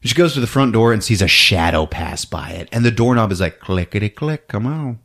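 A man hosting a comedy podcast, recapping a film with lots of laughter and quick character impressions. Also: lowish voice, creaky. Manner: animated, laughs often, acts out characters.

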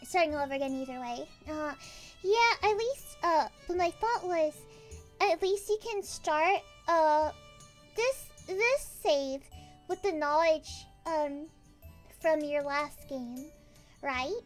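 Bubbly, very high-voiced woman streamer. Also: slow pace, soft background music. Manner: bubbly, excitable, rambling with exclamations. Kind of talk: casual livestream chat while gaming.

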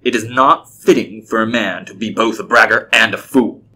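A man's voice: lowish voice, moderate pace, sharp tone. A man voicing a short, pudgy, dismissive official with a nasal voice. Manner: dismissive, derisive.

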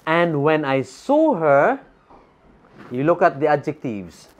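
Animated Filipino-accented male preacher. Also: on the high side, takes it slowly, lo-fi sound. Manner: animated, asks the congregation rhetorical questions. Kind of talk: sermon with Bible reading.

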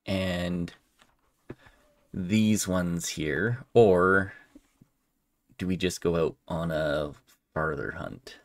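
A man's voice: low voice, extremely slow, pauses often, no echo. A man playing a game and commenting casually, thinking aloud as he decides. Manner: relaxed, thinking aloud, trailing off. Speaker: gaming channel host. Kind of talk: let's play commentary.

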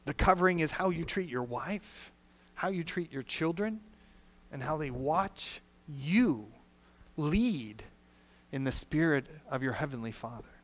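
A male pastor preaching a sermon in a church, earnest, shifting from soft, quiet lines to loud, emphatic ones. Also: on the high side, lively intonation, unhurried. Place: church sanctuary.

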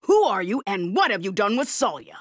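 An actress voicing a gruff, impatient older village woman in a video game, brusque and demanding. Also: mid-range voice, sing-song, fairly quick, no echo, studio quality.

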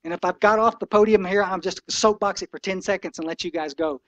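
A man's voice: sits high, fast, fairly bright tone, no room sound, muffled recording. A man in his sixties giving an impassioned, folksy talk to a recovery meeting, preachy and blunt.

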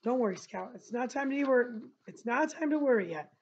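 A woman's voice: a little high, expressive, moderate pace, a little mellow, muffled recording, slight background noise. Anxious young brother, read by a woman. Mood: reassuring. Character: anxious boy, older brother.

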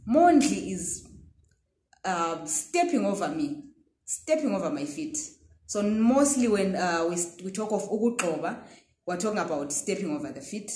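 A woman gives a patient pronunciation lesson, repeating each word slowly and checking in with a steady "okay". Her voice sits at a middle pitch and rings in a roomy, echoey space. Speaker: language teacher.

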